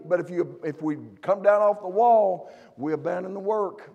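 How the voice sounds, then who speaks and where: A man's voice: sits high, moderate pace, vocal fry, mellow, in a large hall. A man preaching a sermon in a church, fervent and given to repeating and restarting his phrases. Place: church sanctuary.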